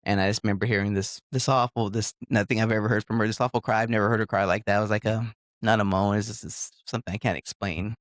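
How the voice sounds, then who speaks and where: Low-voiced man telling his story. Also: fairly even intonation, quick pace, no echo. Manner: rambling, emotional storytelling with nervous laughs and self-corrections. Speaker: guest. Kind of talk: personal testimony in a podcast conversation.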